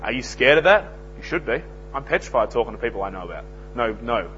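A man preaching a sermon, swinging from loud emphasis to hushed lines. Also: medium pitch, big pitch swings, quick pace. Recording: dull lo-fi recording with faint mains hum.

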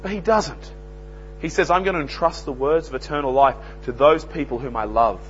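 A man preaching a sermon, swinging from loud emphasis to hushed lines. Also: medium pitch, a little fast. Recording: dull lo-fi recording with faint mains hum.

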